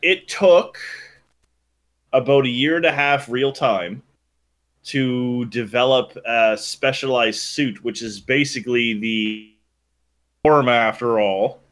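Chatty man, rambling guest storyteller, average pitch. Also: slow. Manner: animated, rambling storyteller with restarts. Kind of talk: casual chat.

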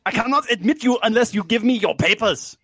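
A man's voice: high-pitched, expressive, brisk, a bit bright, slightly rough, pitched above the performer's own voice, exaggerated voice. A man voicing a stern male border official in an exaggerated German accent, barking commands.

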